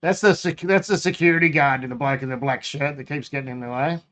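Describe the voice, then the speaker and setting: A rambling Australian man chats loosely on a live stream, cutting himself off and laughing as he goes. His voice sits a bit high for a man. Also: fairly even intonation, fast talker, fairly bright tone. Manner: rambling, laughing, self-interrupting. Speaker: home brewing live streamer. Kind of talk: casual live-stream chat.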